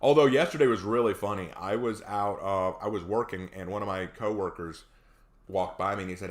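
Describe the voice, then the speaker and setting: A man's voice: lowish voice, fairly quick. A man chatting casually on a live stream, reading viewer comments aloud and telling laid-back stories.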